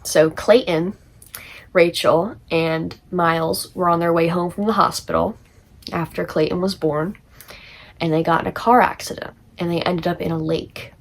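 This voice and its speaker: A woman's voice: fairly low pitch, fairly even intonation, moderate pace. A teenage girl giving a casual, chatty book summary for a class project, full of fillers and laughter. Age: teens. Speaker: student.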